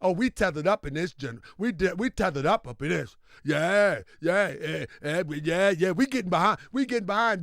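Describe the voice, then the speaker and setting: A man's voice: high voice, animated, moderate pace, few pauses, fairly bright tone, dry recording, clean studio sound. A man hosting a casual commentary vlog, hyped and emphatic, repeating his points. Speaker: host.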